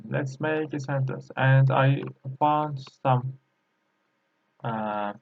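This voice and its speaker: A man whose first language is Turkish, teaching a Chinese lesson in slow, halting English full of fillers. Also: medium pitch, phone-quality sound. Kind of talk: screen-recorded language lesson.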